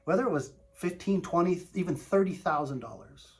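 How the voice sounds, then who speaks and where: A man's voice: high-pitched, animated, fairly quick, noisy background. Emphatic man coaching on sales calls. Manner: emphatic, keeps asking "right?". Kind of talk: coaching talk with role-play demos.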